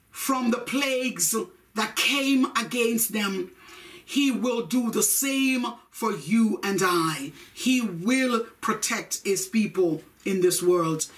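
A woman preaching and praying fervently, shouting repeated declarations and slipping into sung, chanting phrases. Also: fairly high pitch. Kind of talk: fervent sermon and prayer. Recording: voice picked up from a distance.

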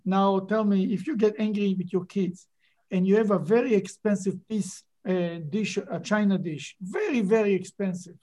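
A man's voice: high-pitched, normal speed, warm tone. Man, Bible class teacher, emphatic, rhetorical questions. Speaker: rabbi teaching a Torah class.

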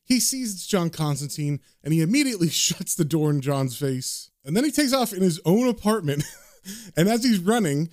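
A man's voice: high-pitched, very animated, normal speed, darkish tone, no echo, clean studio sound. A man casually recapping and reading a comic aloud, with loose filler words. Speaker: comic book reader and recapper.

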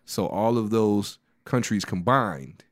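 A man in his thirties chats casually on a podcast, winding through stories with plenty of restarts and asides. His voice sits a little low. The sound is dry and close. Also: animated, takes it slowly, dry recording. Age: 30s. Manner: storytelling, lots of restarts and "you know". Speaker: podcast co-host. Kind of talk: casual chat.

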